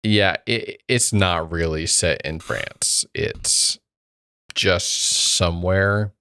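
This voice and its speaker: A man's voice: sits low, slow, sharp tone, clean tone, no echo. A man co-hosting a film review podcast, chatting casually with a dry, sarcastic wit. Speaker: podcast co-host.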